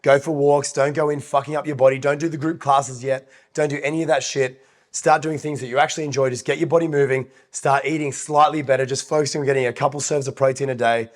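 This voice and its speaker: A man on a casual podcast, handing out advice in blunt bursts peppered with swearing. His voice sounds a little nasal and husky, like he's a bit under the weather. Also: mid-range voice, steady tone. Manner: blunt, heavy swearing, fast advice-giving. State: nasal, slightly hoarse. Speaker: podcast co-host and coach.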